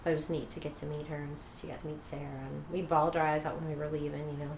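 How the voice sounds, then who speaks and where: A middle-aged woman telling her own story as an interview guest, animated, acting out what other people said. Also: sits low, very fast. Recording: echoey room with faint noise.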